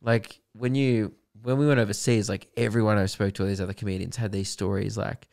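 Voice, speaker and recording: A man's voice: on the low side, brisk, creaky. A young Australian man, a comedian co-hosting a podcast, chatting casually and acting out the people in his stories. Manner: animated storytelling, acts out quoted voices. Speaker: podcast co-host and stand-up comedian. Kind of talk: casual chat.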